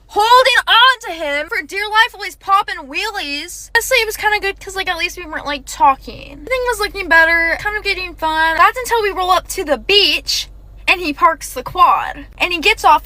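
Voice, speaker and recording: A young woman telling a personal story in a casual, animated way, talking fast with lots of "like" and "okay". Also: very high-pitched.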